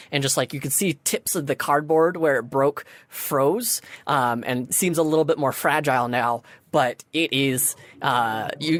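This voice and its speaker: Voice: mid-range voice, dry recording. Game master describing fights, loose and chatty, dry close sound. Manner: lively scene narration with many fillers. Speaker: dungeon master. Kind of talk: narrating a tabletop game.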